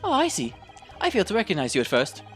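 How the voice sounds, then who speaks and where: A woman's voice: fairly low pitch, huge pitch swings, fast talker, faint music behind. Woman doing a pompous eccentric detective. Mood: airy. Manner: grand, airy and theatrical.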